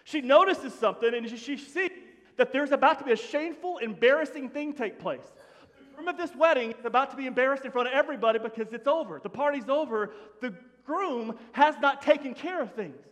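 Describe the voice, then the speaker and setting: A man preaching a sermon to his congregation in an animated, conversational way, often dropping to a hush. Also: very high voice, brisk. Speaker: pastor. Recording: long hall reverb.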